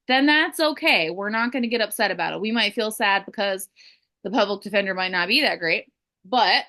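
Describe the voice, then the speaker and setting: A woman leading a book club discussion in casual chat, animated and acting out quoted voices. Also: a little high, normal speed. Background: children crying in background.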